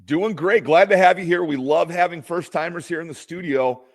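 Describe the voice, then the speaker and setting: A man's voice: a little high, moderate pace. A man co-hosting a podcast, asking a guest friendly, open questions. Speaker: podcast co-host. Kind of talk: casual interview hosting.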